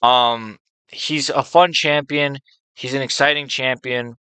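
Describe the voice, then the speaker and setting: A man's voice: mid-range voice, steady tone, takes it slowly, bright, forceful tone, smooth, no echo. A man rambling through casual fight picks, swearing freely and filling gaps with um and like. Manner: rambling, profane, with many fillers; enthusiastic fan opinions. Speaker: MMA video host. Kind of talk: casual unscripted monologue.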